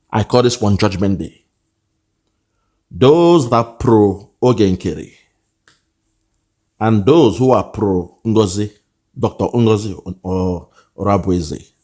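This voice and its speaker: A man's voice: mid-range voice, darkish tone. A man with a Nigerian accent delivering a political commentary monologue, repeating his points in a preaching way and slipping into pidgin. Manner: repetitive rhetorical preaching, switches into pidgin. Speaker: online commentator.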